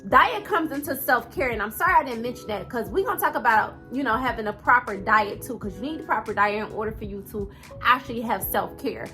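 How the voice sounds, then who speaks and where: A woman's voice: fairly high pitch, animated, brisk, bright, forceful tone, faint music behind. A woman in her thirties with a twang, talking earnestly and directly to camera as a motivational vlogger, casual and full of fillers. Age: 30s.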